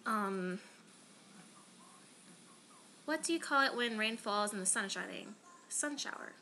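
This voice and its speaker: A woman's voice: mid-range voice, animated, measured pace, bright, forceful tone, slight background noise. A woman from Florida chatting casually to camera in a rambling, self-deprecating way, full of "um" and "like.". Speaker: vlogger.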